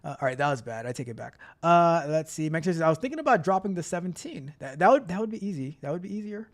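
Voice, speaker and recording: A man's voice: a little high, very animated, quick pace. Upbeat chatty male livestream host. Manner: chatty, upbeat, repeats phrases while reading chat. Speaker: livestream host and tech coach. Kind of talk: casual livestream chat.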